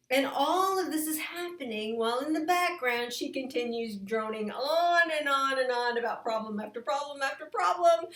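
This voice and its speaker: Woman, relationship coach, higher voice, expressive delivery, roomy echo. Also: moderate pace, hardly any pauses. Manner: animated, acts out the husband's inner voice with laughs. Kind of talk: direct-to-camera coaching talk.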